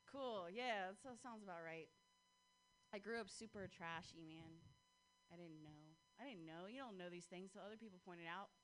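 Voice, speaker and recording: A woman's voice: lowish voice, moderate pace, fairly bright tone, soft background music, poor audio. A woman performing a stand-up comedy set, talking conversationally with a self-mocking manner. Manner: conversational, self-mocking, drops into voices for quoted people.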